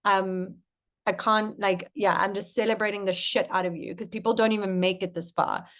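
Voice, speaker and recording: A woman's voice: medium pitch, fairly even intonation, moderate pace. Chatty woman coach giving a masterclass. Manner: warm, chatty, swears casually. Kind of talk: casual masterclass talk.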